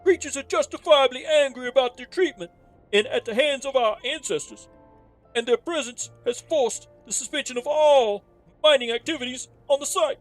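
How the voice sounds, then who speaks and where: A woman's high-sitting voice, raised only slightly above her normal one, moves at a moderate pace over soft background music. She's performing a courteous middle-aged male innkeeper for game dialogue on a stream, with a fake New Jersey wise-guy accent and courtly, formal, old-fashioned phrasing.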